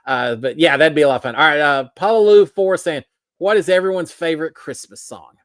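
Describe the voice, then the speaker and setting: A man's voice: fairly high pitch, fairly quick, no room sound, studio quality. A middle-aged man hosting a livestream, chatting casually and reading out viewer comments, with lots of restarts and self-deprecating asides. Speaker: livestream host.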